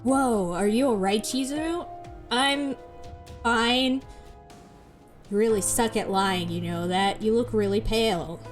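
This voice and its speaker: A woman's voice: fairly high pitch, slow pace, long pauses, soft background music. A woman voicing a friendly, teasing young male swordsman from a visual novel. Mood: concerned.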